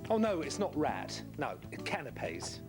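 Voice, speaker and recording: A man's voice: fairly high pitch, huge pitch swings, unhurried, music in the background. An actor playing a nervous, eager-to-please man who stammers and defers. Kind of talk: kids TV series acting.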